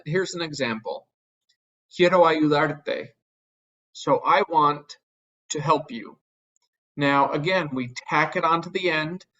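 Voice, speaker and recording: A male teacher walks through a grammar lesson step by step, patient and unhurried, dropping an um now and then. His voice sits a little high. The recording is muffled and lo-fi. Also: a bit bright. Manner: patient, explains step by step with fillers. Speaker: Spanish teacher.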